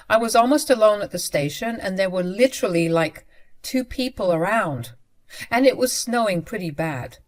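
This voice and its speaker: A young woman narrates a personal story in a mid-range voice. She keeps a conversational tone and turns aside to address her listeners directly. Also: medium pitch.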